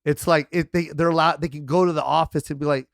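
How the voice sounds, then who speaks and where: An animated middle-aged man chatting on a podcast, acting out every voice in his stories. His voice sits a little high for a man. The sound is close and dry, with no room around it. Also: quick pace, gravelly, no room sound. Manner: animated storyteller, acts out quotes, swears freely. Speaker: guest comedian. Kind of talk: casual podcast chat.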